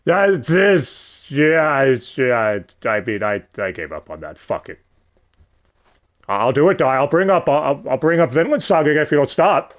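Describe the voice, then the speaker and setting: Lively rambling young man commentating. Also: mid-range voice, moderate pace. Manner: rambling, lively, swears casually, frequent self-corrections. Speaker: stream host. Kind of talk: casual livestream commentary.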